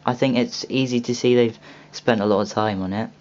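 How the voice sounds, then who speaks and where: A man's voice: medium pitch, steady tone, brisk, darkish tone. A young man hosting a casual video walkthrough of a game store, rambling with many ums and restarts. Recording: dull lo-fi home recording with faint hiss.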